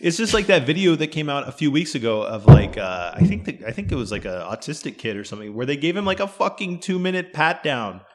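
A man's voice: fairly high pitch, big pitch swings, fast, few pauses. A young man co-hosting a podcast, ranting indignantly and profanely, with lots of "like" and "you know". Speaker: podcast co-host. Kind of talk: casual podcast chat.

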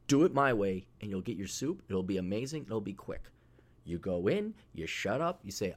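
A man's voice: fairly low pitch, sing-song, a little fast. A man hosting a casual solo podcast, talking in a blunt, profane, sarcastic way, rambling with fillers. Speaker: podcast host.

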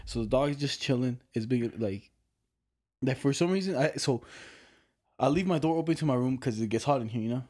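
Mellow-voiced young man swearing casually. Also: medium pitch, a little fast. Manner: profane, rambling storyteller with slang. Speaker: podcast co-host. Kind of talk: casual chat. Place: his bedroom at home.

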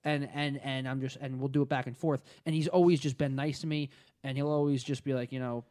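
A man's voice: medium pitch, level tone, a little fast, a little mellow. A young man, a stand-up comedian, in casual podcast chat, rambling with lots of fillers and swearing. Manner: rambling, profane, many fillers and restarts.

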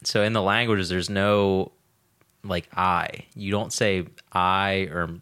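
A man's voice: deep voice, steady tone, slow pace, bright, forceful tone, clean tone, no echo, studio quality. A young man in casual, crude podcast chat, talking loosely with many fillers.

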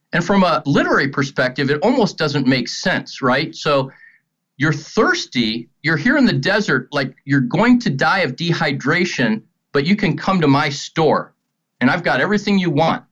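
Middle-aged man teaching with animated stories. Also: fairly high pitch. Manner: animated storytelling with acted-out quotes. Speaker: ministry guest speaker. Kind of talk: earnest spoken teaching on faith. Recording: dull lo-fi sound.

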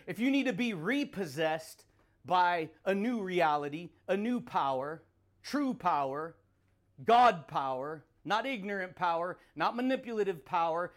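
High-voiced man riffing, laughing. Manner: rambling, laughs between points, swears; repeats catchphrases and calls listeners dude and baby. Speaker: podcast host. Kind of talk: motivational monologue.

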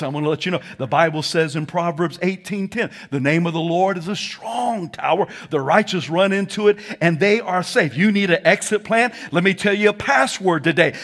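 A man preaching a sermon to a congregation in church, animated and calling for responses, dropping to a hush and rising to shouts. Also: on the high side. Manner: animated, swings from hushed to shouting. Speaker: pastor.

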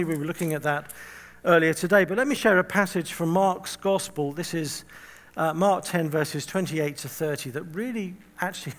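High-voiced man preaching with humor. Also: big-room sound. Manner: humorous storytelling with self-deprecating asides; conversational, acts out quoted voices. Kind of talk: sermon.

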